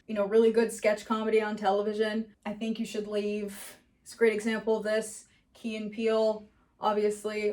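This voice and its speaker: Animated young-sounding woman explaining comedy. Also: on the high side. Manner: animated, laughs often, acts out quoted lines. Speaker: comedy writing teacher. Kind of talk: casual explainer lesson.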